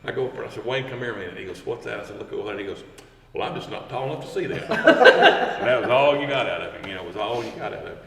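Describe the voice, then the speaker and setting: A firefighter, telling stories in a casual chat and acting out the quotes with lively energy. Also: male voice, lowish voice, rapid-fire, creaky, a crowd in the background. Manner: animated, acts out quotes. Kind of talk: casual storytelling. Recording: roomy, distant mic with background hum.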